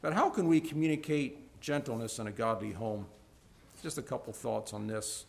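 A man with a creaky voice preaches to a congregation at a moderate pace. His sermon moves between emphatic peaks and low, soft stretches, with frequent restarts marked by repeated words.

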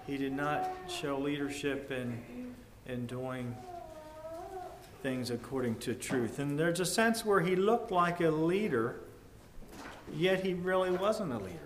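A man preaching a sermon in a measured, earnest way, swinging between loud emphasis and hushed tones. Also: fairly high pitch, expressive. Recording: echoey room with faint ambient noise.

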